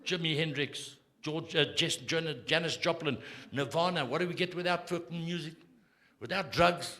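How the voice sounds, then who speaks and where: A man's voice: on the high side, normal speed, sharp tone. A man in his sixties with a South African accent, doing a crude, needling stand-up set on a theatre stage. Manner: brash, crude, needling the audience. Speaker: stand-up comedian. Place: theatre stage before a live audience. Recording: live show with crowd laughter.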